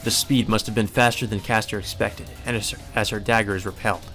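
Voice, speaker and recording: A man's voice: on the low side, steady tone, fast talker, fairly bright tone, faint music behind. A man hosting a let's play, reading a visual novel's narration aloud and breaking in with casual swearing asides.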